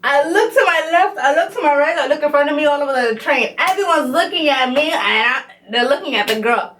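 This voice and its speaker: A young woman vlogger telling a story in a casual, animated way, with lots of slang and swearing. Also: high voice, a little fast, a little hiss or hum.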